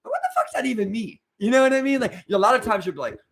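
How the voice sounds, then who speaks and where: Animated high-voiced man telling stories. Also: very fast, vocal fry. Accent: Baltimore. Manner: animated storyteller, acts out quoted voices. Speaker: podcast co-host. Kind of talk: casual podcast chat.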